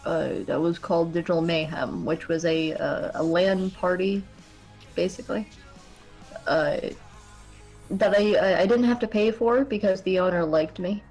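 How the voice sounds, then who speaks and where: A woman's voice: lowish voice, fairly even intonation, moderate pace, darkish tone, faint music behind, low-quality recording. A woman from New England chatting casually, blunt and crude in her jokes, a little tipsy from drinking. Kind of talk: casual chat.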